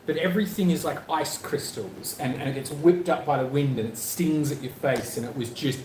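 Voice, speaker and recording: A man's voice: fairly high pitch, brisk, darkish tone, reverberant, a little hiss or hum. A man chatting casually and jokingly with viewers during a travel live stream. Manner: chatty, jokey, rambling.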